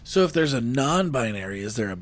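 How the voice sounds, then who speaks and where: A man's voice: medium pitch, very animated, brisk. A man co-hosting a podcast in casual chat, laughing often and teasing playfully. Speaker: podcast co-host.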